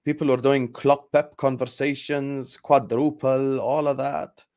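Young guy fuming on his football channel, repeats himself a lot, mid pitch, loud bursts then mutters. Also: steady tone, unhurried. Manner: angry, repetitive, emphatic outbursts. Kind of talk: heated fan rant.

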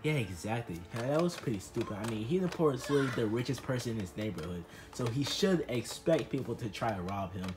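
A man voicing a laid-back male friend who argues back in a quiet, quick, casual way. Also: mid-range voice, animated, music in the background, lightly acted. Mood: reasoning.

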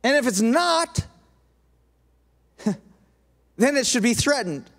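A male pastor preaching a sermon, acting out quoted voices in an animated way. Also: very high voice, takes it slowly. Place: church auditorium. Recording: long hall reverb.

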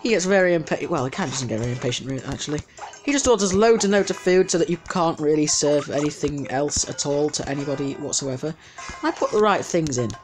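A man's voice: on the high side, expressive, fast talker, faint music behind. A man giving casual let's-play commentary, chatty and easily distracted, talking back at the game's customers. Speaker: gameplay commentator.

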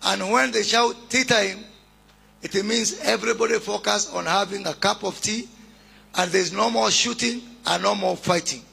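A Kenyan man delivers a public speech at a launch with slow, weighty phrasing and a gravelly edge. His voice sits high for a man and sounds husky. He talks like an orator working a crowd, with pauses built in for effect. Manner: deliberate, oratorical, with shouted greetings to the crowd. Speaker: government minister giving a speech.

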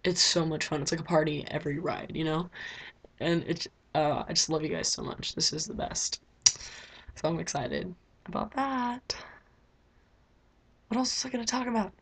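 A teenage girl chats to her webcam in a loose, rambling diary vlog, piling on fillers as she goes. Her voice sits low for a girl, with a husky, gravelly edge. It sounds like a small bedroom recording. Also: normal speed, pauses often. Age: teens. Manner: chatty, rambling, lots of "like" fillers. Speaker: vlogger.

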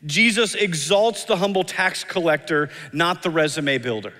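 Earnest pastor preaching in a reverberant hall. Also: male voice, on the high side, moderate pace, pushed and bright. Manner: earnest, acts out quoted voices, emphatic repetition. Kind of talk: sermon. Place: church sanctuary.

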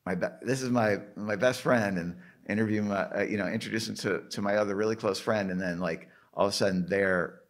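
Low-voiced man, halting and thoughtful. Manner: halting, restarts, many "like" and "you know" fillers. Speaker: guest, record label founder. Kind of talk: casual interview chat.

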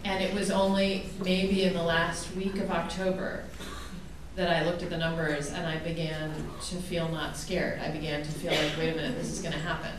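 A woman in her forties on a panel, telling a story in a chatty, animated way and laughing often. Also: fairly low pitch, normal speed. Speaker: panelist, author. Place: large event hall before a live audience. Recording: echoey hall, distant mic, audience noise. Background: crowd laughter.

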